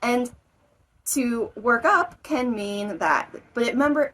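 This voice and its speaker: Woman English teacher, slow, careful delivery, somewhat high voice, acts out examples. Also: lively intonation, a bit bright, rough recording. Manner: slow, clear explanations with acted example lines. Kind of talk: explaining vocabulary to learners.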